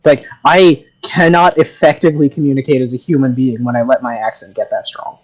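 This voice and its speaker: A man's voice: medium pitch, fairly even intonation, brisk, poor audio. A man, the game master, chatting theatrically with his players during a break on a video call. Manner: theatrical, self-described drama kid.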